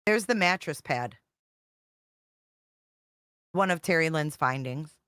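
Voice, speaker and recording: A woman's voice: sits low, lively intonation, slow pace, a bit bright, clear, resonant tone, no room sound, studio quality. A woman hosting a casual livestream, reading text messages aloud in a profane, exasperated, rambling way. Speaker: true-crime commentary host.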